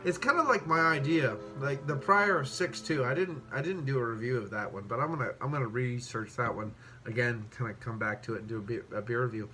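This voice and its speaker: A man tasting and reviewing beer in a casual vlog, excitable and rambling, swearing freely and a bit tipsy after several beers. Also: mid-range voice, fairly quick, hardly any pauses. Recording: music playing clearly behind the voice.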